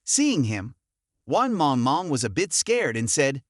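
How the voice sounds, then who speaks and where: A man narrating a comic recap in a brisk, animated storytelling manner. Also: mid-range voice, no echo, clean studio sound.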